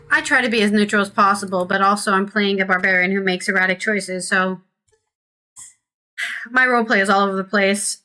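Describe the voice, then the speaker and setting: Chatty woman gamer with a bright voice. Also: medium pitch, fairly even intonation, brisk, soft background music. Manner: chatty, reads quest text aloud and reacts. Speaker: gaming streamer. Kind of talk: casual let's play commentary.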